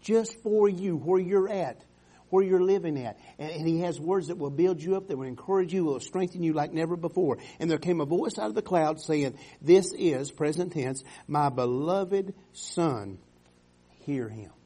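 A man preaching a sermon with fervor, swinging from loud exhortations to soft, quiet passages. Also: on the high side, moderate pace, breathy edge. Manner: fervent, rising to loud exhortations, dropping to soft tones.

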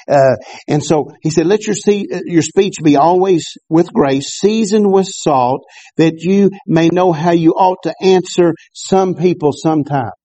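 A man preaches a sermon in church. He often stumbles over repeated words and calls out to the congregation for agreement. His voice sits a little high but sounds mellow, and the recording is dry and close. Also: a little slow, dry recording. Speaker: pastor.

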